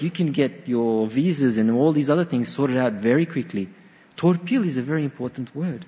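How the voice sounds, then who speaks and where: A man preaching a sermon, telling stories and acting out quotes with animation. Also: on the high side. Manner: animated storytelling with acted quotes. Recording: dull sound with long hall reverb.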